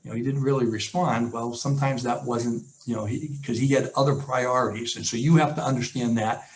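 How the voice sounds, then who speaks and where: A man's voice: mid-range voice, steady tone, fairly quick, slight background noise, rough recording. A man, a former football coach, telling a story in a seminar over a video call, in a conversational way with many fillers. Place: home office on a video call. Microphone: video call mic.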